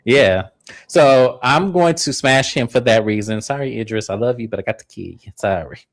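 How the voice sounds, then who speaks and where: A low-voiced woman hosts a relaxed live-stream chat with friends. Her talk is chatty and unhurried, and she steers the conversation by calling on each person in turn. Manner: laid-back, chatty, says "um" often. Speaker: host. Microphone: remote call setup.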